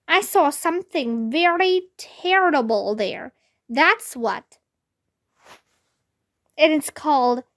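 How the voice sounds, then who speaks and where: A woman reading a children's book aloud in a slow, expressive storytelling manner. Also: sits high. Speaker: storybook reader.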